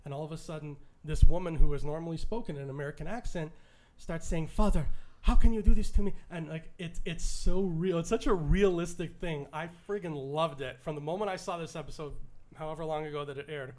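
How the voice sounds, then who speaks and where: Enthusiastic Canadian man, higher voice. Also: fairly even intonation, a little fast, darkish tone. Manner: enthusiastic, restarts and stumbles often. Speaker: podcast co-host. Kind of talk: casual podcast chat.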